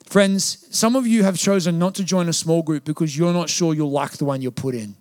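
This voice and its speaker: A man's voice: a little high, fairly quick, a little mellow, dry recording, studio quality. A young man preaching a conversational, passionate sermon in a church, full of anecdotes. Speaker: pastor.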